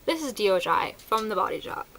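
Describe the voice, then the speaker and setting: A woman's voice: medium pitch, sing-song, normal speed, fairly bright tone, slight background noise, rough recording. A woman chatting casually through a product review, enthusiastic and sprinkled with fillers. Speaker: beauty vlogger.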